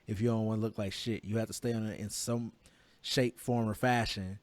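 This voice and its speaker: A man's voice: fairly low pitch, steady tone, brisk, no echo, clean studio sound. A man hosting a podcast, asking questions and cracking jokes. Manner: inquisitive, joking. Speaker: podcast host. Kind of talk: casual podcast chat.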